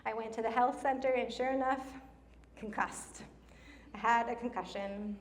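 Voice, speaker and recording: A middle-aged woman preaching a sermon in church, telling stories in an animated way, slowing down for emphasis. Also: fairly high pitch. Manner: animated storytelling with laughs and slowed emphasis. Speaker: pastor.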